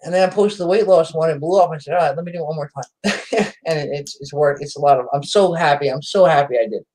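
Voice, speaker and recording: A man talking as a podcast guest in casual conversation, animated and self-deprecating, often repeating himself. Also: fairly high pitch, fast, rough recording.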